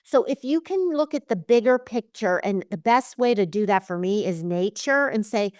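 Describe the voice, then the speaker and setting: A woman's voice: medium pitch, animated, moderate pace, few pauses, a little mellow, no room sound, clean studio sound. A woman podcast host chatting with a guest and sharing personal stories. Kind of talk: podcast interview.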